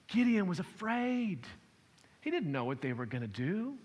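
A man's voice: high-pitched, very animated, moderate pace, fairly bright tone. A man preaching a sermon as pastor, shifting his emphasis and acting out quotes as he explains a passage. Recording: long hall reverb.

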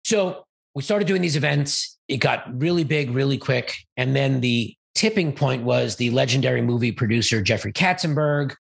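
A man, an event organizer and interview guest, telling a rambling, animated story and acting out quoted dialogue. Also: mid-range voice, normal speed, gravelly, few pauses, slightly rough. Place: Los Angeles.

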